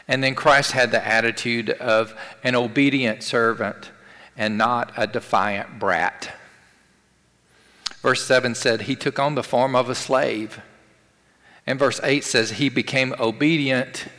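A man preaching a sermon with rhetorical questions and emphatic repetition. His voice sits at an ordinary middle pitch. The sound carries a long, lingering hall reverb. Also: sharp tone. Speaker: pastor.

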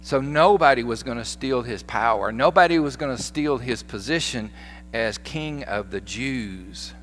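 A Southern American pastor preaching in a folksy, animated storytelling way, his voice at a man's middle pitch. The sermon rings through a church sanctuary with a long echo, and a faint hum sits underneath. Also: a little slow.

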